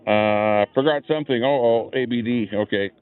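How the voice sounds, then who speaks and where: Smooth and moderately paced, a man's mid-range voice carries a live stream he's hosting from a chair at an outdoor rally. He chats loosely and greets viewers in the chat. His small clip-on mic produces a tinny, phone-like lo-fi recording.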